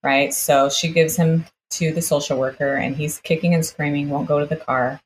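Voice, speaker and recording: A woman's voice: low-pitched, fairly even intonation, normal speed, a little hiss or hum, rough recording. A woman guest telling a personal story vividly, acting out the exchanges she recounts. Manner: vivid retelling, acts out quoted exchanges.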